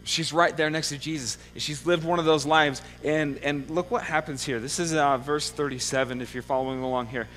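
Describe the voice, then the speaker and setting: Male pastor, conversational sermon, slightly high voice, long church reverb, faint hum. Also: fairly even intonation, brisk, few pauses, a bit bright. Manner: conversational preaching with frequent "okay?" check-ins. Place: church sanctuary.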